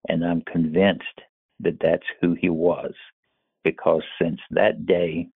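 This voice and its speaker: An older man from North Carolina tells his story slowly and carefully in a low, husky, gravelly voice. The sound is tinny and phone-like. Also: little pitch movement, no echo. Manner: slow, measured storytelling. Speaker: caller sharing a personal story. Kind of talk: recorded personal story. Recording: tinny phone-line recording.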